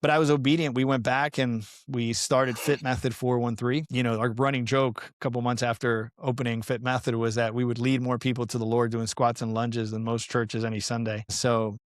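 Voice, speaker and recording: A middle-aged man from Colombia talks as a podcast guest in a medium-pitched voice. He tells his story earnestly and with animation, dropping in casual fillers. The sound is dry and close. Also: flat delivery, brisk, few pauses, no echo. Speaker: podcast guest, pastoral counselor and fitness coach.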